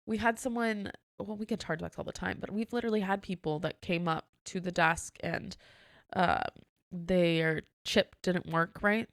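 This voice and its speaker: Gravelly-voiced woman telling a story. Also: fairly low pitch, moderate pace, no room sound, clean studio sound. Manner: animated storyteller, acts out dialogue, laughs often. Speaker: podcast co-host. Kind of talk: casual storytelling chat.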